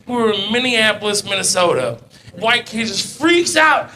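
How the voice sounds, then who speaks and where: A man's voice: high voice, normal speed. A man, a comedian, casually telling a story and acting out the people in it. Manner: loose, conversational, acts out people's voices. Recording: loud crowd and noisy ambience.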